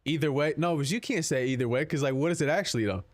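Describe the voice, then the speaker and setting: A man's voice: on the high side, fast talker, no echo. A young man streaming live, chatting casually with his viewers in a rambling, profane, joking way. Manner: rambling, profane, jokey, answers chat.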